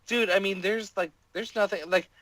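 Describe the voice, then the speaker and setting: An excitable man guesting on a podcast, talking in a fairly high voice. He stammers, piles up fillers and swears as he rushes through his points in loose chat. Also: poor audio. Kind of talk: casual profane chat.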